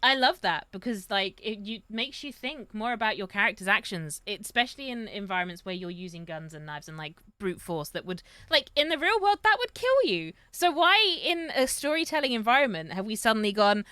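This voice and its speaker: A woman hosting a casual live-stream chat, animated and swearing freely as she makes her points. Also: on the high side, moderate pace, no echo. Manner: animated, swears, rising emphasis. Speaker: show host.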